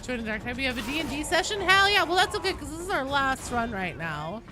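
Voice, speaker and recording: Bubbly young streamer woman, cusses lots, bouncy high voice, music playing behind. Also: big pitch swings, fast. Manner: bubbly, swears casually, chats with viewers. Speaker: game streamer. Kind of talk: casual live-stream chat.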